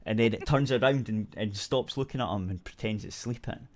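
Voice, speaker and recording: Low-voiced Scottish man, rambling chat. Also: brisk. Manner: rambling storyteller, swears casually, many restarts. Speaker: radio show host. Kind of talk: casual chat.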